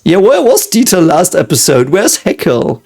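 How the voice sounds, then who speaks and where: A man's voice: sits high, huge pitch swings, moderate pace, darkish tone. A German man hosting a casual reaction video, talking in English with a German accent, hesitant and full of fillers and restarts, chuckling often.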